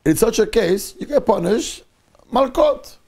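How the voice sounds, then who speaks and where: A man with a high, gravelly voice teaches a Torah lesson to his congregation. He talks with animated energy and keeps asking the listeners questions. He peppers his English with Hebrew and Yiddish terms. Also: measured pace. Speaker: rabbi. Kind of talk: Torah class sermon. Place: synagogue.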